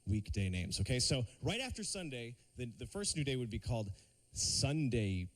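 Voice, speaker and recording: A man doing a stand-up routine on a TV studio stage, lively and slipping into silly put-on voices. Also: medium pitch, normal speed, a little hiss or hum. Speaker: stand-up comedian.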